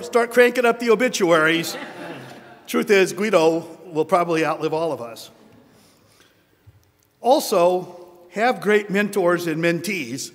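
Older man, wry acceptance speech, fairly high voice, big reverberant hall. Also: expressive, slow pace, long pauses, a little hiss or hum. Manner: wry, self-deprecating, anecdotal. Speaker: award recipient giving acceptance speech. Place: large hotel ballroom at a conference.

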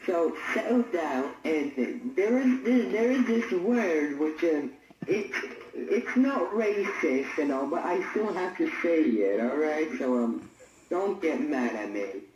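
A performer playing a crude, foul-mouthed male English teacher who talks in a slow, lazy drawl. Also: mid-range voice, expressive. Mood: smug, crude. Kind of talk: improvised comedy skit. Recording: roomy, distant, muffled, noisy.

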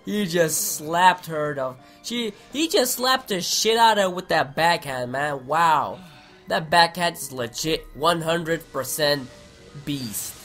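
A young man giving excitable let's play commentary, swearing and shouting at the game. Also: a little high, slow, faint music behind. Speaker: gaming commentator.

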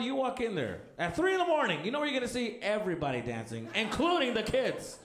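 A young male stand-up comedian telling family stories with animated energy. His voice sits high and swings widely. The sound is echoey with background noise. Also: fast. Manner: animated, acting out family members.

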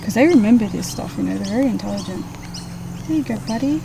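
A woman's voice: medium pitch, expressive, quick pace, vocal fry. A young woman chatting on a casual outdoor vlog, joking and acting out animals and people in silly voices. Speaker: vlogger. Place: outdoors by a dam. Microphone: phone camera. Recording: phone video with noisy outdoor background.

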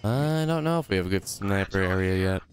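A young man chatting over his gameplay in a lowish, smooth voice, goofy and rambling, now and then jumping into silly high squeals. Game music plays faintly underneath. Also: lively intonation, a little fast. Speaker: gaming YouTuber. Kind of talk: let's play commentary.

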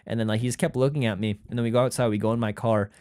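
A man's voice: mid-range voice, steady tone, very fast, a little mellow, dry recording, studio quality. A young man co-hosting a comedy podcast, rambling through a story and acting out the people in it. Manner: rambling storyteller, acts out quotes. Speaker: podcast co-host. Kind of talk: casual comedic chat.

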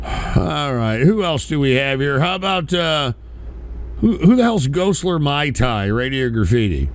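A man hosting a profane call-in stream, ranting furiously and sometimes shouting. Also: on the high side, sing-song, unhurried. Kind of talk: profane live call-in show.

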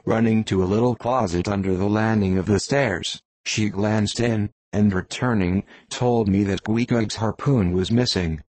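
A man narrating an audiobook in a plain, steady storytelling manner. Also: lowish voice, a little slow, few pauses, dry recording. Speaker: volunteer reader.

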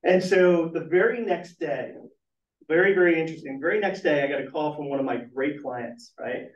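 A middle-aged man, a business trainer, telling lively stories to a meeting room and asking the audience questions. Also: a little high, moderate pace. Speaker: business trainer and guest speaker. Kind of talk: storytelling talk at a networking meeting. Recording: echoey, muffled room recording from far off.

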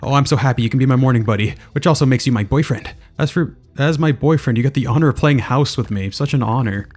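A man voicing a bossy, dramatic little kindergarten girl who scolds in a shrill, theatrical way. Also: fast talker, darkish tone, lightly acted.

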